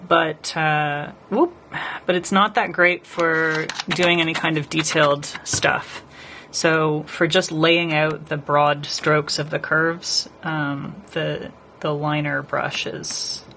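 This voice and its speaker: A woman's voice: deep voice, bright, forceful tone, slight background noise. A woman nail artist chatting casually with her live stream viewers as she paints, rambling and talking to the chat.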